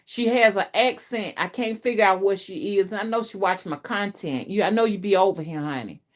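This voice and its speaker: A middle-aged woman, a spiritual reader, talking to her viewers in a casual, rambling live-stream chat, often repeating herself, her voice rising and dropping sharply. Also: a little fast. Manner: chatty, repetitive, with big swings in pitch and loudness. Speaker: spiritual reader and channel host.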